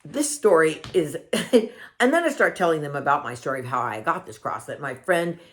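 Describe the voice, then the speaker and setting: A woman vlogger earnestly telling a personal story to her viewers, emotional and warmly addressing them as family. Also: sits low, animated, moderate pace.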